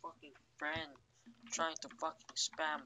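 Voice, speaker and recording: A man's voice: a little high, completely flat delivery, takes it slowly, very noisy. A young man commenting on his own gameplay, swearing and ranting in exasperation. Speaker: let's play gamer. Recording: game music behind voice.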